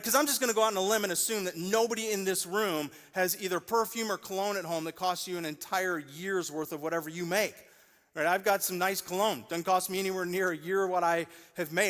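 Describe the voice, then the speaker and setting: A man in his forties delivers a sermon from a church stage, his voice sitting a little high. He tells stories and acts out the people in them with lively energy. The sound carries the long reverb of a large church auditorium. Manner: animated storyteller, acts out quoted voices. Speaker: pastor.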